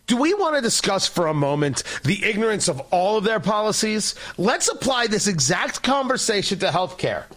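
A man's voice: high voice, big pitch swings, normal speed, few pauses, a bit bright. A man hosting a political talk show, delivering an opinionated monologue in a sarcastic, combative, mocking way.

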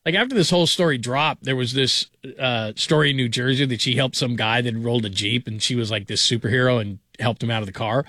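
A man's voice: mid-range voice, fast, hardly any pauses, pushed and bright, no room sound. Male sports talk host, mid-range voice, dry and close, rambling chatty delivery. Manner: rambling, conversational, chuckling asides. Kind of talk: late-night sports radio talk. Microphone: studio broadcast mic.

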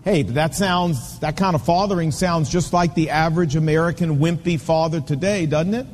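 Male pastor, 50s, high voice, emphatic storytelling sermon, reverberant hall. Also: normal speed, a little mellow, a little hiss or hum. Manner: emphatic, storytelling with repeated punchy phrases. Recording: long reverb of a large hall.

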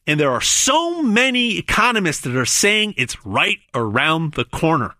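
A man delivering a hard-sell gold pitch with a lively, swooping voice that is bright and forceful. He hammers words over and over, stumbles on restarts, and stretches out big numbers for effect. The sound is close and dry. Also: dry recording. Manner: emphatic, stammering repetitions, dramatic pauses on numbers. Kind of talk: hard-sell promotional monologue.

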